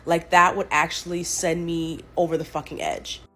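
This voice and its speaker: A woman's voice: low voice, steady tone, normal speed, sharp tone, faint music behind. A woman talking earnestly and articulately to camera. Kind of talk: casual talk to camera.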